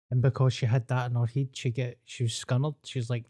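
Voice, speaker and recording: A man's voice: medium pitch, level tone, brisk, hardly any pauses, warm tone. Glaswegian man telling a dry anecdote. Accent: Glaswegian Scottish. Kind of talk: casual chat.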